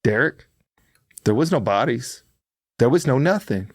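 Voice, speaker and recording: Animated middle-aged man telling a story. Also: medium pitch, measured pace, dry recording. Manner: animated, builds to loud outbursts. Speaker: podcast co-host. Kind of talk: storytelling in casual chat.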